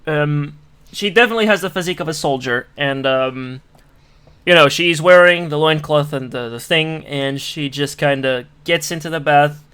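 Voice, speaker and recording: Halting man narrating a tabletop game. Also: fairly high pitch, a bit bright, clean tone. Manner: halting, filler-heavy narration. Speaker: dungeon master.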